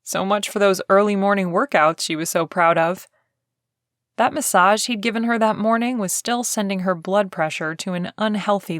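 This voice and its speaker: A woman's voice: mid-range voice, no echo. Woman narrating a romance audiobook, dry.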